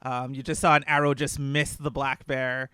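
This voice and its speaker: Young man, dungeon master, bright crisp voice, dry close sound, casual rambling narration. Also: mid-range voice, level tone, normal speed, no room sound. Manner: casual, lots of fillers and laughs. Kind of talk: narrating a tabletop game.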